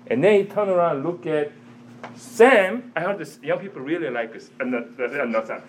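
A man teaching a church audience in a sermon style, animated, quizzing listeners, with broken, non-native-sounding phrasing. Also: a little high, moderate pace, a little hiss or hum.

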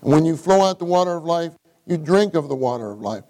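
A middle-aged man preaching to his congregation, voice set a touch high for a man. He reads scripture aloud and keeps circling back to his key words, repeating them for weight. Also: lively intonation, fast, dark tone, rough recording. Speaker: church speaker. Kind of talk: sermon.

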